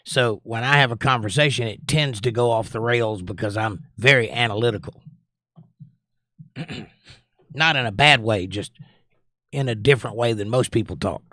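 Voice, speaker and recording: Hosting a casual livestream, a Georgia man whose Southern accent barely shows reads chat aloud in a raised voice, then reflects on it analytically and at length. His medium-pitched voice is pushed and bright, moving at a moderate pace with frequent pauses, on a dry, clean studio recording.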